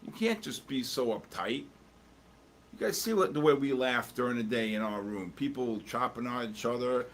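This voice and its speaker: Man at a medium pitch, casual live commentary, rambling and jokey, talks to chat while watching charts, faint background hum. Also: normal speed. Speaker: livestream host.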